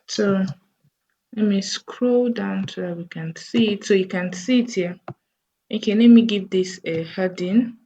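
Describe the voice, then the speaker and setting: A woman teaching a coding lesson over a screen recording, thinking aloud slowly as she types. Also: mid-range voice, warm tone, slightly rough, muffled recording. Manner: slow, thinking aloud while typing. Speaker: coding tutor.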